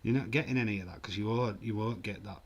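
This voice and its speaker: Low-voiced, chatty man streaming a watch-along. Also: fast, vocal fry, slight background noise. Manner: chatty, jokey, mock-offended. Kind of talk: casual live-stream chat, reading comments.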